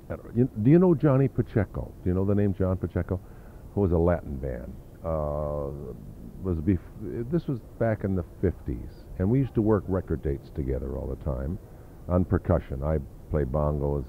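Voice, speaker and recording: An older man, a drummer being interviewed, reminisces in long, rambling stories full of fillers, often pausing to search for names. His voice is very low, and the audio sounds thin and tinny, like an old phone-line tape with a faint hiss beneath.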